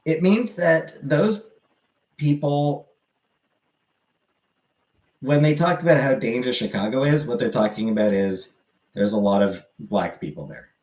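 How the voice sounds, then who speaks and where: Low-voiced man musing in an echoey room. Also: brisk, a little mellow. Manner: meandering, corrects himself mid-sentence. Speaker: livestream host answering chat. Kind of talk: casual rambling commentary.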